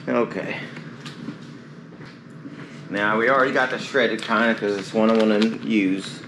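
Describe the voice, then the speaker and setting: A man's voice: fairly low pitch, fairly even intonation, unhurried, noisy background. A man chatting casually to himself and viewers as he cooks. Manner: chatty, rambling, self-talk while cooking. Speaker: cooking ASMR host. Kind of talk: casual cooking chat.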